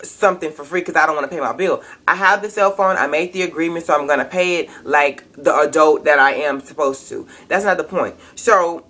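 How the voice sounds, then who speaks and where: A woman's voice: low-pitched, brisk, few pauses, a bit bright. A young woman, ranting angrily and profanely in a casual webcam vlog. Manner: angry, profane, emphatic ranting. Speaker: vlogger.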